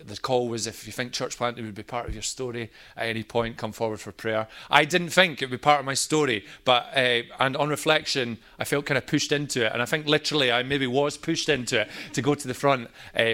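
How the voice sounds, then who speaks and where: Pastor guy telling his testimony, bright clear tone, chatty storyteller. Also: medium pitch. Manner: storytelling, animated in quoted moments. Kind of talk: personal testimony talk.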